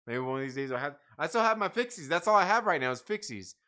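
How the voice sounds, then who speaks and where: Profane, animated livestream host, man. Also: a little high, fast. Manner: profane, rambling, laughs often. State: tired. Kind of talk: casual live chat reading viewer comments.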